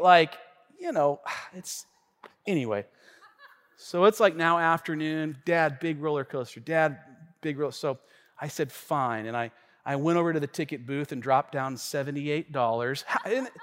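Animated high-voiced pastor in a reverberant church. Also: male voice, normal speed. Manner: animated storytelling, conversational asides. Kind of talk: sermon. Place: church sanctuary.

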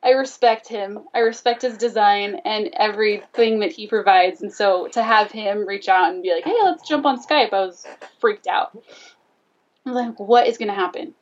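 A woman's voice: mid-range voice, moderate pace, recorded from a distance, dull audio. A woman telling a personal story in casual conversation, animatedly acting out both sides of the dialogue. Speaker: guest telling her story.

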